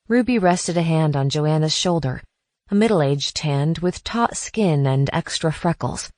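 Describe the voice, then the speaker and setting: A woman narrating a post-apocalyptic audiobook in a measured, even reading. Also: sits low, no room sound. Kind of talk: scripted narration.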